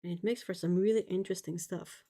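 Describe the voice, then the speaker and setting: A woman's voice: fairly low pitch, steady tone, fast talker, dark tone. A woman in her forties hosting an art livestream, chatting casually while she paints and reads viewer comments aloud, laughing at her own jokes. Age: 40s. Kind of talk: casual live-stream chat while painting.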